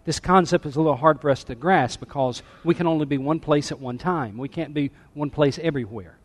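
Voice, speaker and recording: A fairly high-voiced man preaches to his congregation, swinging between near-whispers and emphatic calls. His voice rings through a church sanctuary with a long reverb tail. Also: fairly quick. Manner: dynamic, drops to a hush then rises to emphatic. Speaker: pastor. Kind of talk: sermon.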